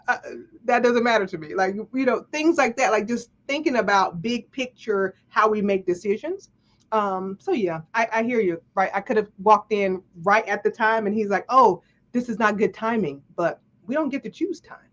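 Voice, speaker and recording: A woman hosting a casual live chat, talking in an animated, chatty way and often checking in with "right?". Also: medium pitch, brisk. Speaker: host. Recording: dull lo-fi stream audio.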